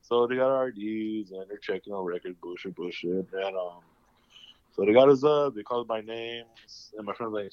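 A man's voice: lowish voice, moderate pace, darkish tone, no room sound. A young man, hosting a casual podcast chat and telling rambling stories with plenty of swearing. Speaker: podcast host. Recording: dull lo-fi sound.

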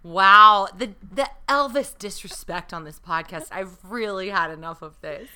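A woman's voice: mid-range voice, measured pace, pushed and bright, clear, resonant tone. A woman in her thirties co-hosting a podcast, chatting casually with wry jokes and free swearing. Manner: wry, joking, swears freely. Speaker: podcast co-host. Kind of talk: casual comedic chat.

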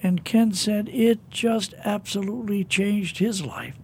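A man's voice: high voice, measured pace, slight background noise. A man hosting a radio interview, folksy and affirming toward his guest. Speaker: radio host.

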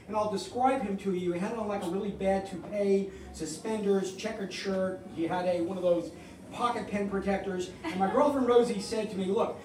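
A high-voiced man spins a wry, salty story about himself, picked up from a distance in a live, echoey hall. A low hum of audience ambience sits under him. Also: darkish tone. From New York. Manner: wry, profane, self-mocking. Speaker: comedian telling a personal story.

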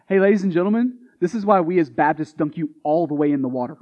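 A male Baptist pastor with a high-side voice preaches a sermon fairly quickly, with long pauses. His style is conversational and emphatic, full of rhetorical questions. The recording sounds dull.

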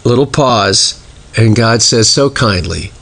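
A man's voice: lowish voice, animated, slow pace, creaky, fairly bright tone. A man in his sixties giving an earnest, reflective devotional talk, speaking prayers aloud in rhythmic lists. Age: 60s.

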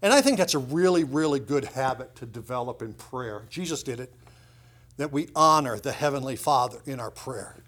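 A middle-aged pastor preaching a sermon in a conversational way, with lively asides and emphasis. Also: male voice, medium pitch, normal speed, husky.

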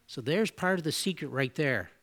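Earnest male preacher, bright voice. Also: fairly high pitch, lively intonation, normal speed. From Canada. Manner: earnest, conversational, with self-corrections and asides. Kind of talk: sermon.

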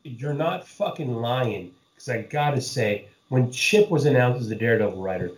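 Man, excitable, profane, lively swooping pitch, roomy echo. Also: normal speed. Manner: excitable, profane, laughs often. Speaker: podcast co-host. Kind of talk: casual chat.

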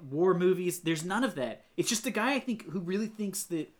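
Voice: medium pitch, expressive, a little fast. A podcast co-host picking apart a bad movie in casual, rambling banter full of fillers. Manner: critical, rambling with many fillers.

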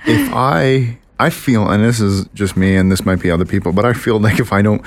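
Low-voiced man telling animated stories. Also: fairly quick, no echo. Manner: animated storyteller, mimics voices and laughs often. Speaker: podcast co-host. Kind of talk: casual chat.

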